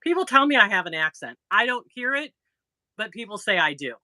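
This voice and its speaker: A middle-aged woman with a northern Indiana accent hosts a crochet livestream from home. She talks in a bright, lively voice that swings up and down. She pokes fun at herself as she greets viewers, close and dry on the mic. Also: mid-range voice, a little fast, no echo. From northern Indiana, near Chicago. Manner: chatty, self-deprecating, greets viewers. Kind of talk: casual livestream chat. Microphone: laptop or phone mic.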